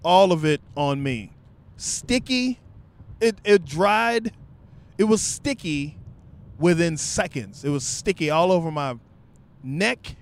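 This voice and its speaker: A man's voice: fairly high pitch, expressive, slow, pauses often. A young man vlogger telling a comic story in loose, profane, conversational talk.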